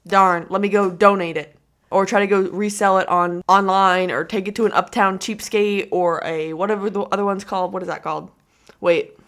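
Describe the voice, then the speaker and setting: A woman's voice: mid-range voice, fairly even intonation, a little fast, a bit bright. A young woman in her twenties giving reaction commentary in a mocking, giggly, incredulous way. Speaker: commentary vlogger.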